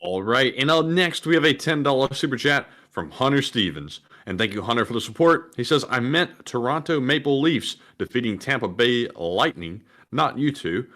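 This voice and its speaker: A male co-host on a live stream, reading viewer messages in a steady, friendly cadence. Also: mid-range voice, moderate pace, few pauses.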